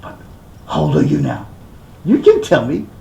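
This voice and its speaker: An eager male guest, played by a rakugo performer flatters and teases his older host in a polite way. His voice jumps around in pitch, with a gravelly edge. The sound carries a roomy echo. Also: normal speed, full character voice. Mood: flattering. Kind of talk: rakugo storytelling.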